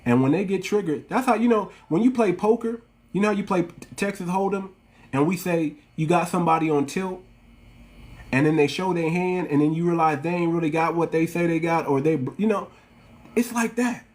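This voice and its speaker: A man with an African American English accent rants through a livestream monologue, his voice sitting a little high. He preaches and repeats himself, calling his viewers family. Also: a little fast. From United States. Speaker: channel host.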